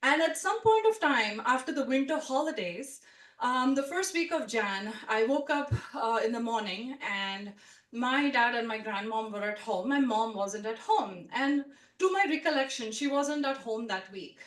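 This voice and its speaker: A woman telling a personal story at a live story swap, chatty and animated, full of "like" and "you know". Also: a little high, moderate pace. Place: storytelling event room with a live audience. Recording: roomy sound from a distant mic.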